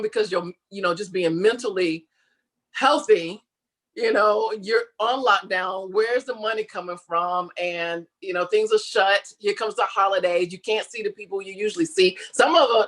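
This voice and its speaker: A woman guest chatting in a casual interview, animated, laughing often and slipping into quoted voices. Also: medium pitch, normal speed. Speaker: interview guest, comedian and online creator.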